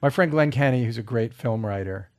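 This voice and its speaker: A man's voice: medium pitch, brisk, a little mellow. A middle-aged man hosting an interview, chatty and enthusiastic, often jumping in. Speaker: podcast host. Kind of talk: casual interview chat.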